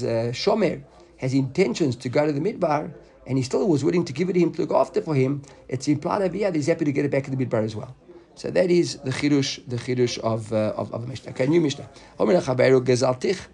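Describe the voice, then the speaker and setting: Gravelly man teaching a casual Talmud class. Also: medium pitch, animated, fairly quick, dark tone. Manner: casual, repeats words while thinking aloud.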